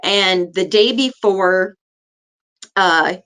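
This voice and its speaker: A woman's voice: medium pitch, drawn-out words, a bit bright, clean tone. A middle-aged woman, a neonatal nurse practitioner, earnestly telling a personal story in an interview. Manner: earnest, acts out the people in her story.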